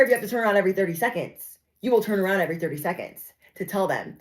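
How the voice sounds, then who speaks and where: A woman's voice: medium pitch, lively intonation, rapid-fire, hardly any pauses, poor audio. A young adult woman giving a casual, sassy spoken reading to her viewers, often acting out the people she describes. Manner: chatty, sassy, acts out quoted voices. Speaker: tarot reader.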